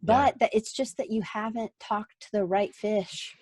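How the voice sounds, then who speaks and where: A woman with an Alabama accent hosting a podcast, talking in a casual, animated, rambling way with jokey asides. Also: mid-range voice, unhurried, slightly rough, dry recording, studio quality. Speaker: podcast host. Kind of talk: casual conversational chat.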